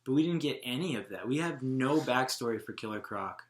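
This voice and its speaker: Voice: medium pitch, lively intonation, fairly quick. A co-host of a movie review show, talking in a casual, chatty and opinionated way. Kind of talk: casual podcast chat. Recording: echoey room.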